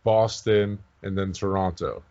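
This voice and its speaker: A young man co-hosting a sports podcast, opinionated and quick to chime in. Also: low voice, fairly even intonation, darkish tone, dull audio. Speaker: podcast co-host. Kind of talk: casual sports chat.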